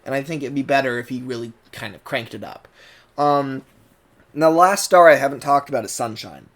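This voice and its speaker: A YouTuber reviewing a cartoon dub speaks with a General American accent in a mid-range, fairly bright voice, a little fast. His casual commentary rambles, full of fillers and restarts.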